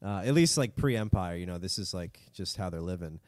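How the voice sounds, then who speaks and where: A man's voice: sits low, expressive, a little fast, slight background noise. A man co-hosting a casual comedy history podcast, joking and rambling, swearing freely, feeling cold. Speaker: podcast co-host.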